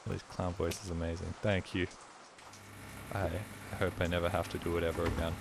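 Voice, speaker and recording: A man's voice: low voice, little pitch movement, brisk, gravelly, noisy background. A man streaming a game, rambling with crude, self-mocking jokes in casual commentary.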